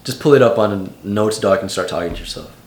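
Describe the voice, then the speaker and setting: A man's voice: fairly low pitch, fast talker, roomy sound. A young man in his late teens giving casual vlog advice in a loose, slangy way full of "like". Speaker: vlogger.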